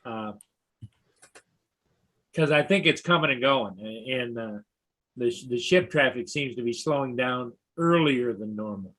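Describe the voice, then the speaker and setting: A man chatting on a group video call, teasing and pausing as he talks. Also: mid-range voice, animated, fairly bright tone.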